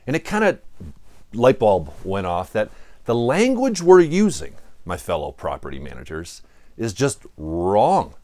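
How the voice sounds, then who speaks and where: A man giving a direct-to-camera talk to property managers, animated and acting out example phrases. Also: on the low side. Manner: animated, acts out quoted phrases.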